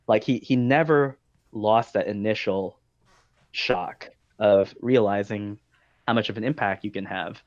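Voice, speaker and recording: Man, podcast host, low voice, dry lo-fi recording, rambling storyteller. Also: unhurried, dry recording. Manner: talkative storyteller, frequent ums and likes. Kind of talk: casual podcast conversation. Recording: dull dry lo-fi sound.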